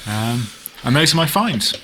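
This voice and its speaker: A man's voice: medium pitch, very animated, a little slow, pushed and bright, slight background noise. A man co-hosting a podcast, rambling a little and laughing as he talks. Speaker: podcast co-host. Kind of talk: casual chat.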